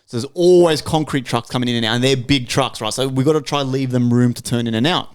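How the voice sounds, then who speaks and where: A man's voice: medium pitch, fast, clear, resonant tone. An Australian man co-hosting a podcast, telling stories in casual chat, swearing freely and checking in with "right?". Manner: animated storyteller, swears freely, tags lines with "right?". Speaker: podcast co-host.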